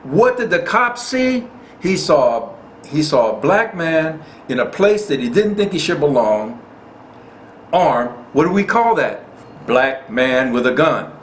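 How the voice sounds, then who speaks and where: Recorded in an echoey room with faint noise, a man hosting a gun rights channel delivers impassioned, indignant commentary, repeating lines for emphasis. His voice is a little high and very animated, and he takes it slowly.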